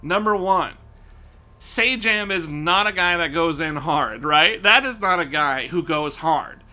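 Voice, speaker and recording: A man's voice: a little high, lively intonation, a little slow, bright, forceful tone. A man streaming live, ranting casually and profanely to his chat, laughing often.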